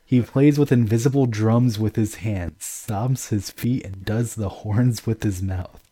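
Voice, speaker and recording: A man's voice: on the low side, measured pace, dark tone, husky. A man reading aloud, voicing a nervous, playful young woman courtier.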